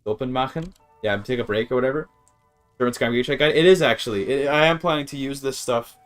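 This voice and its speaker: A man streaming gameplay in casual chatter, thinking aloud, sounding out words haltingly and swearing now and then. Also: medium pitch, smooth, soft background music.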